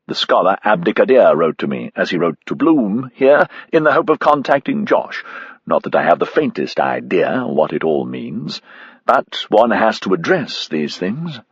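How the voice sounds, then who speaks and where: A man's voice: lowish voice, slightly rough, dry recording, highs cut off, exaggerated voice. A man voicing a formal, courtly British army captain in his seventies, speaking with a British accent. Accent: British (figure). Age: 70s (figure).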